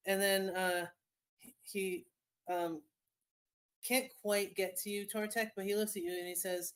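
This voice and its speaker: A woman's voice: mid-range voice, flat delivery, measured pace, long pauses. A woman acting as game master, narrating a tabletop game in a rambling way with many restarts. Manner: rambling, lots of fillers and restarts.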